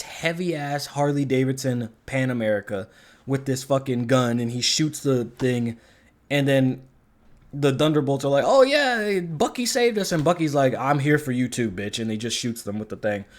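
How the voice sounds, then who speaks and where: A man's voice: medium pitch, normal speed. A man giving a casual, rambling film review, swearing often and sounding fed up with what he describes. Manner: profane, exasperated, rambling with many fillers. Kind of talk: casual movie review rant.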